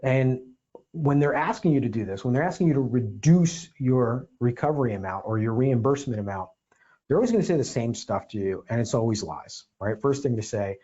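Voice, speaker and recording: A man's voice: mid-range voice, lively intonation, brisk, mellow, dull audio. A man hosting a legal explainer podcast, talking emphatically with sarcastic asides. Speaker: podcast host and defense attorney.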